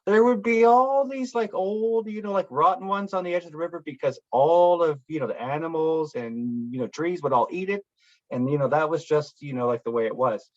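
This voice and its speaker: This man speaks as a guest on a panel, his fairly high voice brisk as he rambles through stories with lots of fillers and quotes he acts out. The recording's highs are cut off.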